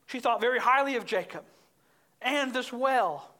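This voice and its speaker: Bright-voiced woman preaching an emphatic sermon. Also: animated, normal speed. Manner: emphatic, rises in pitch and volume when stressing points. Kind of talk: expository sermon.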